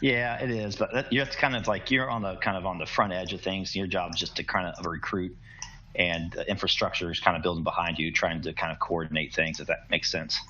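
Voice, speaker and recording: A man running a tabletop role-playing game, narrating the scene and explaining the plot with a relaxed, filler-heavy manner. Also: sits low, brisk, dull audio, slight background noise. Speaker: game master.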